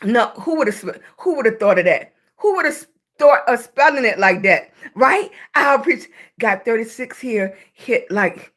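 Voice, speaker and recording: A Southern woman with a high, bright-toned voice chats live with her viewers into a phone or webcam mic. She talks slowly, greeting each new arrival by name and calling them baby. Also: lively intonation. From Southern United States. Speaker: livestream host. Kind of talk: casual livestream chat with viewers.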